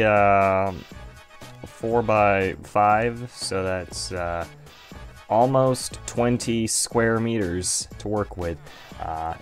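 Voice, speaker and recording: Lower-pitched man pitching playful game deals. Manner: playful salesman-style pitching with frequent fillers. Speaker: game video host. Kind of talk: casual gameplay commentary.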